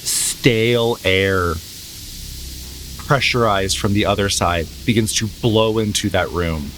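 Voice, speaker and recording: Slow, low-voiced male game master. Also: fairly bright tone, a little hiss or hum. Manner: slow, descriptive dramatic narration with pauses. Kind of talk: narrating a tabletop game.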